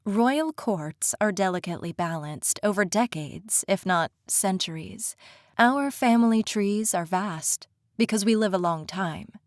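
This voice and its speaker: A composed fae queen , voiced by a woman reading an audiobook, speaks with measured, courtly formality. Her voice sits in a middle register. The sound is close and dry, with no room around it. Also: medium pitch, dry recording, lightly acted. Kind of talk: audiobook character voice.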